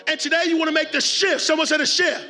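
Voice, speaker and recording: A man delivering a motivational keynote to a conference crowd, preacher-style, with call and response and shouted refrains. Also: very high voice, fairly even intonation, fast talker, soft background music. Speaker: keynote speaker. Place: large conference hall with audience.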